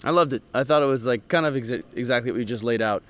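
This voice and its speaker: A man chatting as a guest in an interview, easygoing and quick to laugh. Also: mid-range voice. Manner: easygoing, laughs often, loose filler-heavy phrasing. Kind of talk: casual interview chat.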